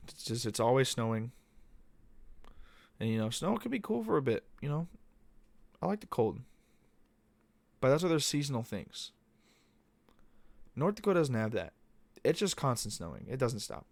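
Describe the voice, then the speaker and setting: A man's voice: medium pitch, dry recording. A young man hosting a podcast, talking casually in a loose, profane, meandering monologue. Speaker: podcast host. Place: Arizona.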